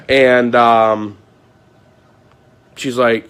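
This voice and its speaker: A man's voice: medium pitch, normal speed. A man vlogging, ranting at length to his viewers in an aggrieved, repetitive way, often swearing.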